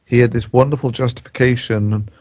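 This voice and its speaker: A man's voice: mid-range voice, fairly even intonation, fairly quick, a little mellow. A man co-hosting a podcast, talking hesitantly and sounding incredulous. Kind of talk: casual chat. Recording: dull lo-fi audio.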